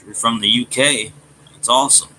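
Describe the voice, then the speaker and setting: A man from Alabama with a Southern accent and a gruff voice, casually chatting with his live-stream viewers and often stumbling over his words. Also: medium pitch, steady tone, pushed and bright, a little hiss or hum, rough recording. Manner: halting, repeats words and restarts. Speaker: streamer reading chat.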